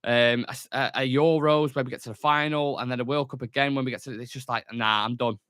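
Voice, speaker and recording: A man's voice: medium pitch, steady tone, fast, a bit bright, smooth, no room sound, clean studio sound. A young man hosting a football fan news show alone, chatty and jokey, with lots of fillers. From England. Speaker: host of a football fan channel. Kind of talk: solo news show, casual chat. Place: small studio room.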